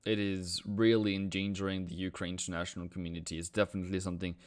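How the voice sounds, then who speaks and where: A man's voice: sits low, little pitch movement, fast talker, clean tone. A man with a Norwegian accent, a forex trader, chatting casually on a live stream, joking, thinking aloud and reading out chat messages.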